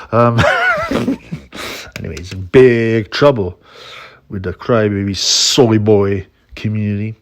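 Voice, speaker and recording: A man's voice: lowish voice, takes it slowly. A man ranting casually about a news story in a mocking tone, laughing often and repeating words as he goes. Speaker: boxing commentary vlogger.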